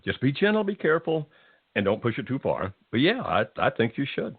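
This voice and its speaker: A man hosting a call-in show, giving gentle, reassuring advice at a calm, steady pace. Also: mid-range voice, fairly quick, husky, no room sound, narrow, tinny audio. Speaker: radio advice host.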